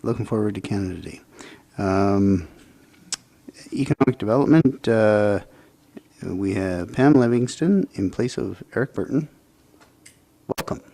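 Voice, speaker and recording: Slow, relaxed man chairing a meeting. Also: on the low side, gravelly. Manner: brief and relaxed.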